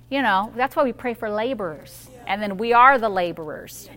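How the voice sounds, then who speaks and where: A woman's voice: high-pitched, lively intonation, fairly quick, hardly any pauses, bright, forceful tone. A woman pastor preaching a fervent sermon and prayer, leading the congregation in call-and-response declarations.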